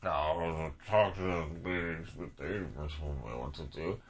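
A man's voice: a bass voice, normal speed, a little hiss or hum. A man telling a rambling, absurd comic story with profane, escalating rants.

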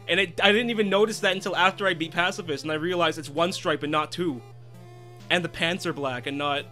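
A man giving excitable, swearing let's play commentary, often bursting out loudly. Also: a little high. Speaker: gaming video creator.

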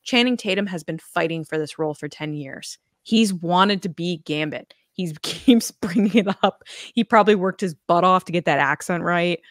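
A woman's voice: fairly low pitch, moderate pace, hardly any pauses, dry recording, clean studio sound. A woman co-hosting a podcast in casual chat, chatty and laughing often between many ums. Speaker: podcast co-host.

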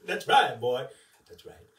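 A man's voice: mid-range voice, darkish tone, reverberant, far from the mic. A man working as an entertainer, chatting on a live stream in a heartfelt, rambling way with many fillers. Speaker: tribute entertainer. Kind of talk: casual chat on a live stream.

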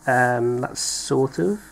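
A man's voice: mid-range voice, creaky. A British man chatting playfully while opening card packs, reading out names with little laughs. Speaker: card pack opener, co-host. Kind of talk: casual unboxing chat.

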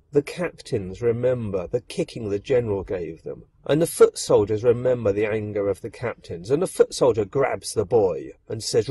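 A male storyteller narrates with expressive, dramatic swings and speaks straight to the listener. His pitch moves a lot, and his tone is mellow with a husky edge. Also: dry recording. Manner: expressive, addresses the listener directly.

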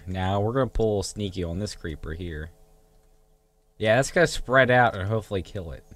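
A man giving casual gameplay commentary, excitable, grumbling and swearing at the game. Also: on the low side. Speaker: gamer.

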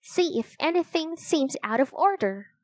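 A woman voicing a brave, curious young girl in a storybook reading, her voice a little higher and eager. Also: lively intonation, a little slow, a little mellow, no echo.

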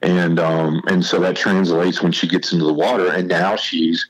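Deep-voiced folksy man telling stories. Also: flat delivery, normal speed, highs cut off. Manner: folksy, drawling storyteller. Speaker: podcast guest, former college football player. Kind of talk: casual storytelling.

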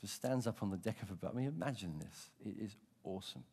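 A man preaching a sermon as pastor, telling stories with animation and dropping to a hush for emphasis. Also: fairly low pitch, quick pace, creaky, husky, long reverb tail. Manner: animated storytelling, acting out voices, dropping to hushed emphasis.

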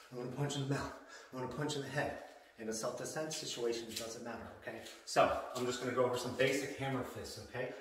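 A man's voice: medium pitch, fairly bright tone, a little hiss or hum. A middle-aged man teaching self-defense in a blunt, emphatic way, ending his points with "okay?". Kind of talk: instructional workout video. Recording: very echoey room, mic far off.

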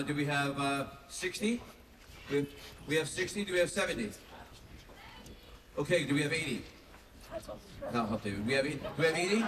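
A man on a convention panel running a fan auction, calling out bids briskly and loudly. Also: mid-range voice, background noise. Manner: calls bids briskly, rising and loud. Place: large convention hall. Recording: echoey hall recorded from far off.

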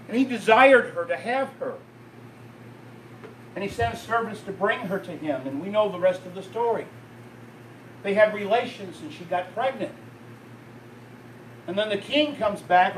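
A man preaching in a church, his voice pitched high for a man. He tells the story at a storyteller's pace, building up and then dropping low. The recording catches him from a distance, with the sound ringing around the room and faint ambience behind. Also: roomy sound, slight background noise. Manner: storytelling preacher, rising and falling in intensity. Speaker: pastor. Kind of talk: sermon. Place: church sanctuary.

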